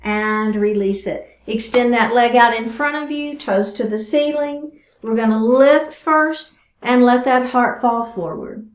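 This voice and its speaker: Woman talking thru a chair yoga class, a bit high voiced, chatty and encouraging, echoey room. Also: measured pace. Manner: encouraging, chatty, talks while stretching. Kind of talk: guided exercise class instruction. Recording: roomy echo.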